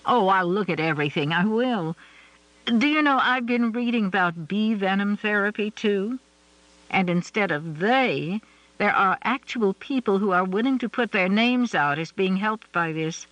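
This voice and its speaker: A weary woman who meets advice with dry, ironic remarks, voiced by a male narrator. The voice is high and bright, and the recording is close and dry. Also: lively intonation, normal speed, dry recording, muffled recording. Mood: wry. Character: weary, wry woman with an illness.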